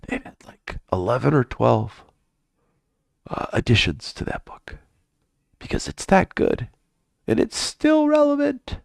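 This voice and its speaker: A man's voice: fairly high pitch, huge pitch swings, unhurried, vocal fry, long pauses, dry recording. A man hosting a live trading stream, chatting casually and with plenty of swearing, often mumbling in a half-whisper.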